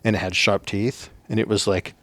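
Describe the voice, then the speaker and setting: A former soldier from a Navajo reservation in the United States tells stories as a podcast guest, rambling casually with plenty of fillers and cursing. His fairly low voice is flat and fairly bright in tone, at a moderate pace, with no room sound.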